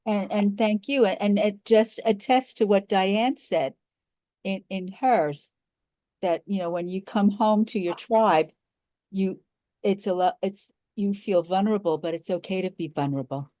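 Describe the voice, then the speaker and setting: An older woman facilitating a group video call, gently explaining and repeating instructions. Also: medium pitch, a little slow, no room sound.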